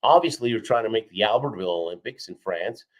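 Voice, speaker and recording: A man with a fairly low voice tells a story as a guest in an interview. He is energetic and lively, acting out quoted people and checking in with "right?" and "okay?". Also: quick pace, rough recording. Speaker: guest, four-time Olympian and keynote speaker. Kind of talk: animated storytelling in a podcast interview.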